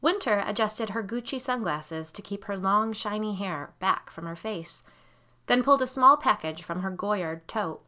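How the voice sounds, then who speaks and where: A woman podcast host narrating a spooky story in a measured, wry storytelling manner. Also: mid-range voice, animated, bright, forceful tone.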